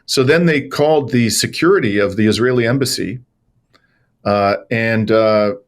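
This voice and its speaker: A man, a journalist and lawyer, telling animated stories as an interview guest, with many fillers and restarts. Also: medium pitch, moderate pace. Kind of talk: conversational interview storytelling.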